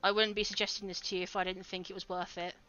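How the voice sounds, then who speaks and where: A woman's voice: mid-range voice, flat delivery, quick pace, sharp tone, lo-fi sound. A woman streaming a game, chatting casually with her viewers and laughing often. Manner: giggly, chatty, talks to chat. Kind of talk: casual livestream commentary.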